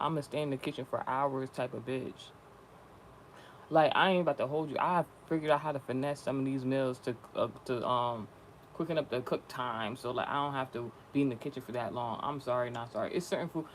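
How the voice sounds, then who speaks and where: A young man talks straight to his viewers in a loose, rambling vlog manner. He peppers his slangy talk with swearing and runs on from one thought to the next. His voice sits a bit high, with a faint hiss behind it. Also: normal speed. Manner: profane, slangy, chatty and rambling. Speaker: spiritual content creator.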